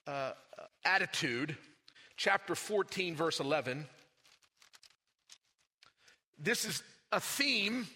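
Man preaching in an echoing hall. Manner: preaching with dramatic swings in pitch and loudness. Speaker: pastor. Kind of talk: sermon. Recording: long hall reverb.

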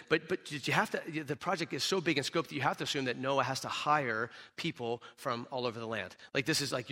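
A male pastor delivers a sermon in an emphatic, animated storytelling manner. His voice is bright and forceful, and it sits at a middle pitch. He throws rhetorical questions at the congregation. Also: in a large hall.

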